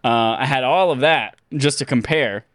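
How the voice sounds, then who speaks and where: A man's voice: medium pitch, moderate pace, fairly bright tone, dry recording, clean studio sound. A man hosting a casual gaming podcast, goofy and jokey, slipping into silly voices. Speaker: podcast host.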